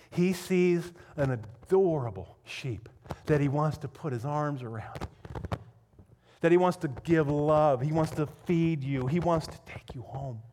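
A pastor with a slightly high voice preaches a sermon, telling a story with emphatic repetition and swinging from loud intensity to hushed whispers.

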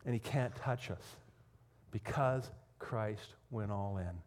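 A man preaching a sermon as pastor, telling a story with emphatic repetition and swinging between loud intensity and hushed whispers. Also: on the low side, slow, background noise.

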